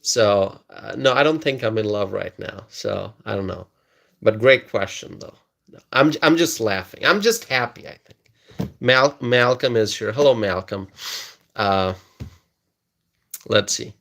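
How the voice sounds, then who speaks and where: A man's voice: fairly low pitch, lively intonation, unhurried, creaky, pauses often, fairly bright tone. Chuckling man hosting a live stream. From United States. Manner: laughs often, repeats words, reads chat aloud. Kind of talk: casual political live stream commentary.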